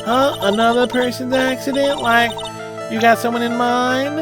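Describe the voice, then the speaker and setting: A man's voice: steady tone, moderate pace. A man voicing a ditzy, airheaded young woman witness in a video game, with a put-on Southern drawl and "like" in every sentence. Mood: evasive. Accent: American Southern (put on). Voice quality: high, drawling, says "like" constantly. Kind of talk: reading a video game aloud on a live stream. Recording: game music playing behind.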